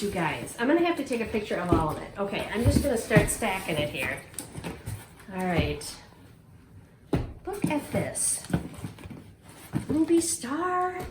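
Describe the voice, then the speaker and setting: A middle-aged woman in casual, excited chat, gushing and exclaiming to her viewers as she unboxes a prize at home. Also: fairly high pitch, normal speed, pauses often. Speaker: quilting vlogger unboxing a prize. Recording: echoey room, faint noise.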